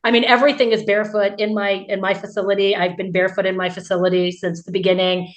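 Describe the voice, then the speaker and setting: A woman's voice: medium pitch, level tone, quick pace. A woman hosting a podcast, asking questions in a chatty, casual way with frequent fillers. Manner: chatty, asks questions with many likes. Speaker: podcast host and clinician. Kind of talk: casual interview chat.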